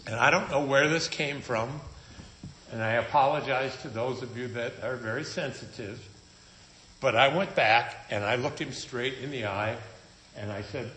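A man's voice: mid-range voice, moderate pace, bright, forceful tone, slight background noise. A man preaching a sermon in a conversational, storytelling manner with wry humor. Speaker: pastor. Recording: echoey room.

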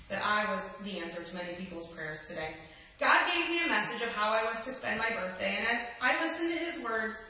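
A woman reading an inspirational story aloud in an earnest, gentle way, now and then restarting a line. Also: on the high side, far from the mic. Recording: echoey room, voice from off-mic.

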